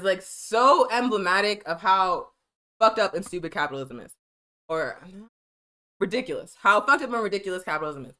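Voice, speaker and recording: Woman, news show host, fairly high and bright, reads articles then rants, profane. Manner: angry, profane ranting. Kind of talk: political commentary reading news.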